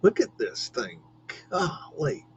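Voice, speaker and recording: A man's voice: mid-range voice, huge pitch swings, slow pace, slight background noise. A man hosting a live stream, chatting casually and rambling, with frequent laughs and many restarts. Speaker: livestream host. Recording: dull lo-fi stream audio.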